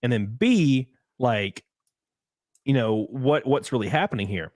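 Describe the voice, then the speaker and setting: A man's voice: mid-range voice, expressive, a little slow, a little mellow, dry recording, clean studio sound. A young man in casual podcast chat, telling rambling stories, swearing and laughing often.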